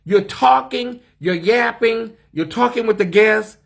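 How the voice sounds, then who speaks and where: A man's voice: high-pitched, measured pace, creaky. An American man hosting a live stream from a hotel suite, sassy and chatty, talking straight to his viewers in the comments. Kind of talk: casual live-stream chat.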